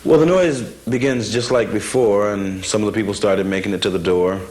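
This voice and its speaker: A man's voice: fairly low pitch, a little fast, darkish tone. A young man in his twenties, a football player, speaking earnestly about his struggles and reciting his own poetry with dramatic flair. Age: 20s. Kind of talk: reflective interview and poetry recital.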